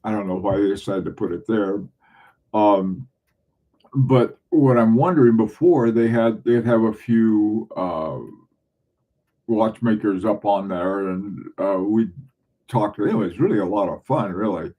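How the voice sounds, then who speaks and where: A middle-aged man hosts a casual livestream, talking to his viewers in a rambling way, full of restarts and small chuckles. His voice sits low, with a mellow, relaxed tone. He comes from southern New England. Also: measured pace. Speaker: livestream host.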